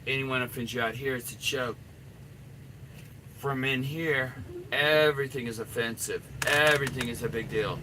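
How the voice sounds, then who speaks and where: A middle-aged man coaching on dating in a loose, swearing-heavy ramble. His voice sits at an ordinary pitch for a man. Clear road and car noise runs behind him throughout. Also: normal speed, sharp tone, low-quality recording. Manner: profane, rambling, blunt. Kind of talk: unscripted coaching rant.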